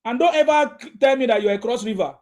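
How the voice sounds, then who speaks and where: Combative high-voiced Nigerian man hosting. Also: fast, darkish tone. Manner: combative, repeats himself. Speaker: host. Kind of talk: heated live call-in chat.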